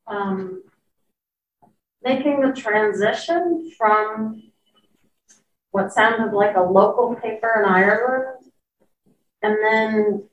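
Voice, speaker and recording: A woman in the audience asking a question hesitantly, with halting restarts. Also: on the high side. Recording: distant, dull, roomy with faint background noise.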